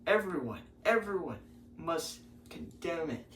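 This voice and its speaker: A man voicing a halting elderly male politician who stumbles and restarts his words. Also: fairly high pitch, animated, fairly bright tone. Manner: stumbling restarts, drawn-out emphasis. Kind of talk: parody impression. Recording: roomy, distant mic with faint noise.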